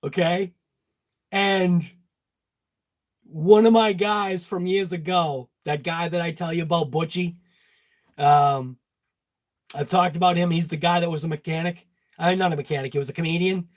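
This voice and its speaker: Jokey high-voiced man in his garage. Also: steady tone, moderate pace, long pauses. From Massachusetts. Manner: jokey, talks to viewers by name. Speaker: channel host. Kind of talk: casual workshop chat. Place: home garage workshop.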